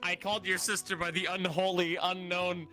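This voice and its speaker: High, bright joking man. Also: little pitch movement, normal speed, faint music behind. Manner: joking, teasing banter. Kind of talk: casual in-character roleplay chat.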